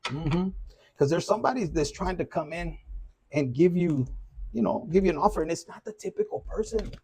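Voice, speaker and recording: A man's voice: sits high, animated, brisk, dark tone, breathy edge. A man giving a loose, profane, casual collective tarot reading. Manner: loose and profane, with Spanish slang mixed in. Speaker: tarot reader.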